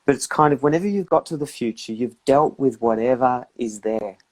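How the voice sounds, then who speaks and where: A man's voice: medium pitch, brisk. A man giving reflective advice in a casual live chat, often acting out inner voices. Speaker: guest practitioner.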